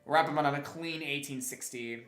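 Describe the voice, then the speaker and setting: Faint music plays behind a young man streaming a game, his fairly bright voice on the high side and at normal speed. He chats casually, rambling with frequent restarts and chuckles, in a recording with roomy echo.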